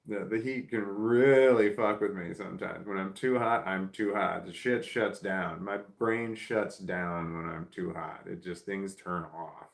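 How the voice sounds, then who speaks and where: A man's voice: low-pitched, unhurried, creaky, few pauses. A middle-aged man chatting casually with live viewers, rambling, restarting sentences and swearing offhand. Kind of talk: casual live chat, reading comments. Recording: roomy echo.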